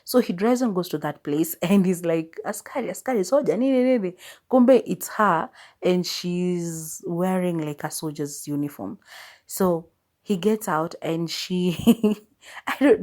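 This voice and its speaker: A woman's voice: lowish voice, darkish tone. A young Kenyan woman hosting a podcast, chatting casually as she retells a film and quotes its characters. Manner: chatty, retells scenes with quoted lines and laughs. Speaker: podcast host.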